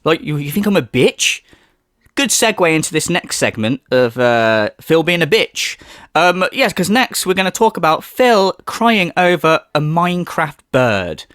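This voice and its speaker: A man's voice: a little high, sing-song, measured pace, a bit bright, no room sound, studio quality. A man on a livestream giving sarcastic, profane, ranting commentary. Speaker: streamer.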